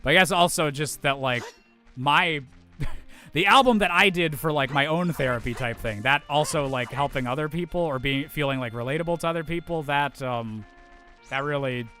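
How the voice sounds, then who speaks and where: A man's voice: a little high, normal speed, pushed and bright. A man streaming a game and chatting casually with viewers, rambling upbeat with lots of restarts and fillers, with faint game music behind him. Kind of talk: casual chat while gaming.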